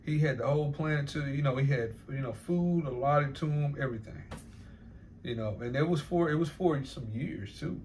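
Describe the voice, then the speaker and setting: A man's voice: a little high, moderate pace, a little mellow, slight background noise. A man talking in a loose, rambling monologue, swearing often and laughing between repeated phrases. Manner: profane, repetitive, laughing asides.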